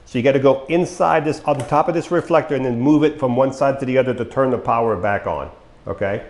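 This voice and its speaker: A man's voice: mid-range voice, fast talker, darkish tone. A man walking viewers through a power wheelchair as a mobility equipment dealer, plainspoken and talking to them as folks, his voice getting worn. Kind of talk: product walkthrough demo. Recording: echoey room.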